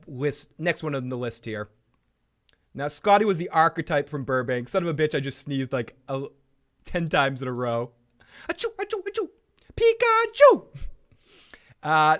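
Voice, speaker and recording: A man's voice: a little high, fairly bright tone. Rambling, profane man talking casually. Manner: profane and rambling, full of restarts; playful, breaks into impressions. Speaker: host. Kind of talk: casual opinionated chat.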